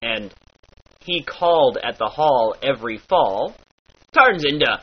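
This accent teacher has an expressive, slightly rough, medium-pitched voice and a slow pace. His playful pirate-speech lesson features mock-archaic wording and a demonstration of each sound, heard through a dull lo-fi recording.

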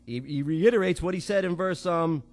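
A man's voice: on the high side, moderate pace. A man preaching a sermon, reading scripture aloud and talking directly and emphatically to his listeners.

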